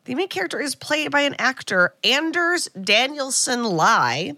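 A woman's voice: high voice, sing-song, a little slow, bright, forceful tone, dry recording, clean studio sound. A woman co-hosting a casual podcast, chatty and full of fillers and restarts. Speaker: podcast co-host.

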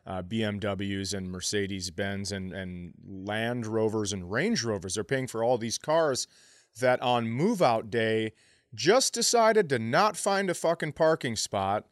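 A man's voice: fairly low pitch, measured pace, dry recording, studio quality. A middle-aged man co-hosting a podcast, telling a story casually, with profanity and quoted voices. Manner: animated, profane, acts out quotes in raised voice. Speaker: podcast co-host.

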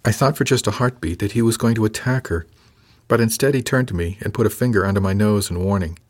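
A man's voice: lowish voice, fast, darkish tone. A man reading a first-person audiobook in a matter-of-fact way. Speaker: narrator.

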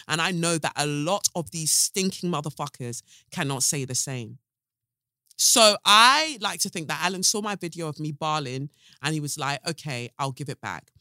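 A young woman holds forth on her own podcast with a bright, forceful tone, sarcastic and blunt, swearing without a second thought. She jumps from loud jabs to hushed asides. The sound is close and dry, with no room around it. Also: sits low, no echo. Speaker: podcast host. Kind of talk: animated solo podcast rant.

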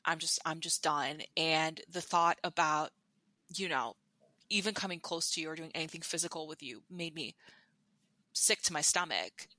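Chatty woman with a bright voice. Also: sits low, moderate pace, no echo. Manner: chatty, many fillers and restarts. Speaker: podcast guest. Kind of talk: candid storytelling.

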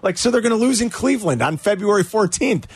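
A man hosting a sports talk radio show, an animated fan who rants about his teams. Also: high-pitched, fast, breathy edge, no echo.

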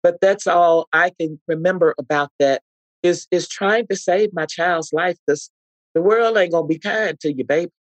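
A middle-aged actress, appearing as a guest on a podcast interview, shares heartfelt stories in a fairly low-pitched voice at a normal pace, earnestly acting out what people said. The recording is rough but has no echo.

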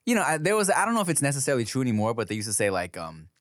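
Brief: male podcast co-host from California, animated, jokey, profane, lively intonation. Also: medium pitch, racing, no echo, studio quality. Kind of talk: casual podcast chat.

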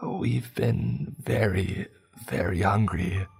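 A creepy old cave cultist, as a male narrator puts him on, drawling slowly in a higher, sly voice that turns sinister and menacing. His friendliness sounds false, and soft music plays behind him in this horror story. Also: gravelly, breathy edge, full character voice. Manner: slow, falsely welcoming, menacing.

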